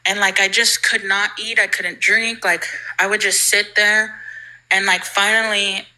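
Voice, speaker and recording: A woman's voice: medium pitch, little pitch movement, a little slow, sharp tone, poor audio. A young woman casually telling a ghost story on a livestream, chatty and full of "like", acting out the people she quotes.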